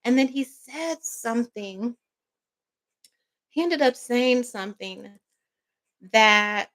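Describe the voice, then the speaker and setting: A woman's voice: on the high side, a bit bright. A woman vlogger telling a personal story in a casual storytime monologue, rambling, emphatic and swearing freely.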